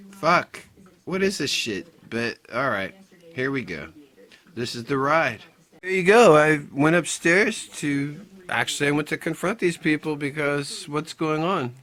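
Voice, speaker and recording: A man's voice: a little high, pushed and bright. A middle-aged man recounting a confrontation in a personal vlog, agitated and swearing often as he retells it. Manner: agitated, profane storytelling. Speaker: vlogger.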